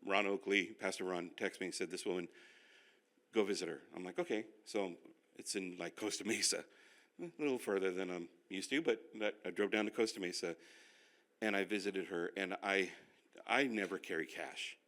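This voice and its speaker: An older male pastor teaching a finance class, telling animated, self-deprecating stories. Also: low-pitched, moderate pace. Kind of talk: sermon-style finance class.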